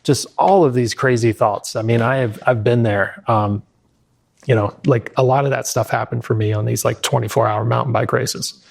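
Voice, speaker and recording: A man hosting a podcast interview, relaxed and affirming, with frequent 'like' fillers. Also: medium pitch, normal speed, vocal fry. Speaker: podcast host. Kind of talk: casual interview chat.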